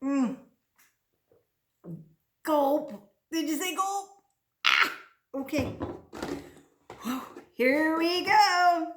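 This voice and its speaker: A woman giving a playful children's speech lesson, talking slowly and with exaggerated, sing-song delivery. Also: high-pitched, animated, a bit bright, echoey room.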